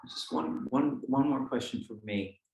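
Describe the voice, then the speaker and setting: A man interviewing an author in a measured, unhurried way. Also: medium pitch, a little mellow. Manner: measured, reads passages aloud. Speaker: interviewer, writer. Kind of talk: conversational interview. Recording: echoey room, distant mic.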